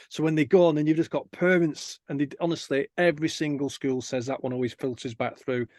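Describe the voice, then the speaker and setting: A man, an energetic guest in an interview, telling stories and acting out the people he quotes. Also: on the high side, fast, hardly any pauses, no room sound, studio quality. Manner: energetic storyteller who acts out quoted people. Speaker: guest, kindness campaigner. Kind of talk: animated interview chat.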